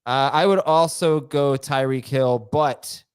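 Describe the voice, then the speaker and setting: A man's voice: mid-range voice, steady tone, takes it slowly, smooth, dry recording, clean studio sound. A man hosting a live fantasy football Q&A, reading viewer questions aloud and cracking puns. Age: adult. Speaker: host.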